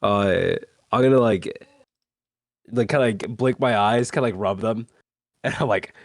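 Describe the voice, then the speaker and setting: A man's voice: fairly low pitch, a little slow, no room sound, clean studio sound. A man playing a tabletop game, describing his character's actions in a rambling, filler-heavy way, laughing as he goes. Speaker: player. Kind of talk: casual tabletop role-play.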